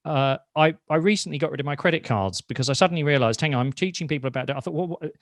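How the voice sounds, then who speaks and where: A man hosting an interview, chatty and animated when telling his own anecdotes. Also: on the high side, rapid-fire, no room sound, studio quality. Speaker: host and interviewer. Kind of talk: conversational interview.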